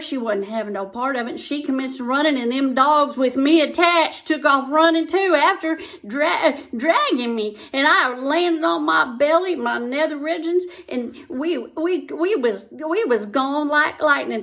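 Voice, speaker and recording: A woman's voice: high voice, normal speed, fairly bright tone. A woman telling a folksy comic story in a drawl, repeating words for effect.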